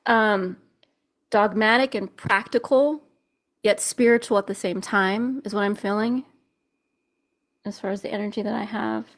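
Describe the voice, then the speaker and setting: A woman hosting a live intuitive reading show, speaking softly and slowly, at times close to tears. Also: medium pitch, steady tone. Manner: soft, gentle, slow and emotional. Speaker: intuitive reader, show host. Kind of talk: live psychic reading session.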